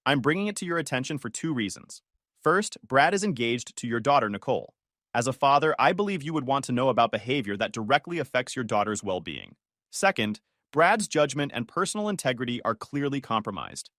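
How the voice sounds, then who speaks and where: A male narrator reads a first-person story in a calm, matter-of-fact manner. His pitch moves a lot, and the sound is close and dry. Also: a little fast, no echo.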